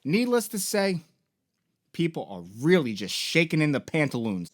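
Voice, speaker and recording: A young man hosts a casual game-story recap, rambling along with plenty of ums and swearing. His voice sits a bit higher than most men's. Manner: rambling, profane, full of fillers. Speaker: toy and game store host.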